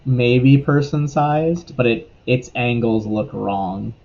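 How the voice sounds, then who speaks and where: A man running a tabletop game as game master, describing scenes in a relaxed way with fillers. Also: medium pitch, slow, lo-fi sound.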